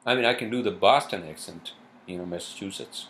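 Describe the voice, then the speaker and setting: A man's voice: lowish voice, fast talker, gravelly. A man hosting a solo podcast, talking in a meandering, profane way with many fillers. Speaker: podcast host. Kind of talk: rambling solo podcast monologue.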